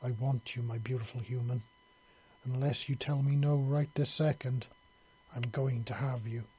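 A man's voice: mid-range voice, steady tone, unhurried, mellow, slightly rough. A man voicing a powerful female alien hive queen, speaking in an intense, pleading way. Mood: purring.

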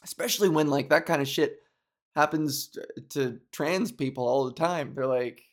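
A man in a casual, animated monologue, laughing often and mimicking others mockingly. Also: fairly high pitch, normal speed.

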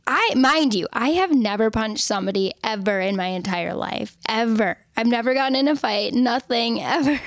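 A young woman hosts a casual self-help podcast. Her talk is candid, she swears freely and laughs often. Her voice sits a little high and sounds dry and close to the mic. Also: moderate pace, hardly any pauses, no echo. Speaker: podcast host.

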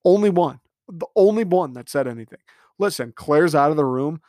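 A man's voice: fairly high pitch, lively intonation, normal speed, warm tone, no room sound, studio quality. Sarcastic, foul-mouthed young man ranting. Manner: profane, sarcastic, mocking impressions of contestants. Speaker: podcast host. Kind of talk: casual reality TV recap.

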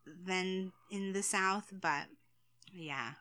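A woman's voice: lowish voice, very slow, pushed and bright. A woman from the United States co-hosting a podcast in casual chat, laughing often and trailing off mid-sentence. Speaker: podcast co-host.

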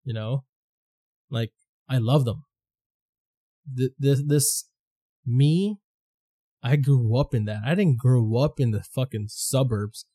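A young man from the Philippines hosting a podcast, telling stories in casual chat, profane and animated, acting out quoted voices. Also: mid-range voice, slow pace, pauses often, breathy edge. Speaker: podcast host.

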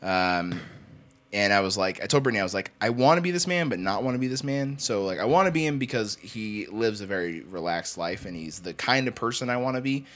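A man's voice: fairly low pitch, brisk, fairly bright tone. A young man in his twenties, casually telling rambling stories on a podcast, swearing and laughing often. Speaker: podcast co-host. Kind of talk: casual chat.

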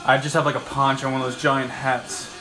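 A man's voice: medium pitch, flat delivery, a little fast, music in the background. A young man chatting casually at home, joking and swearing freely. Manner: laid-back, swears freely, jokey. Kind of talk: casual chat. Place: a house.

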